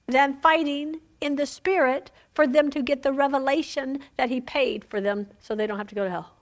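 A woman teaching a women's Bible study in an informal sermon, chatty, laughing often and asking "Amen?" of her listeners. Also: sits high.

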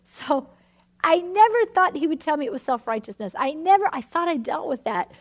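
A woman with a high, bright-toned voice preaches a sermon. She tells a personal story with lively, emphatic energy and leans hard into her points. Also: normal speed.

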